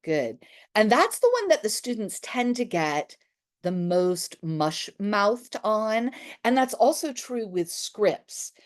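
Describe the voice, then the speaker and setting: A woman's voice: a little high, unhurried. Brief: female drama teacher, upbeat workshop leader, exaggerated consonant drills, call and response. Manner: energetic, exaggerated articulation drills. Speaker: theatre teacher leading warm-ups.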